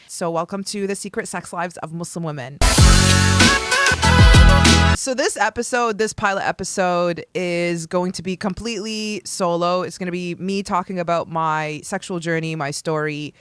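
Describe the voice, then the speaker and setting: A woman's voice: fairly low pitch, fairly bright tone, clear, resonant tone, no room sound. A woman in her thirties from Canada, hosting a solo podcast and telling her own story with comedic energy, acting out the voices she quotes. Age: 30s. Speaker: podcast host.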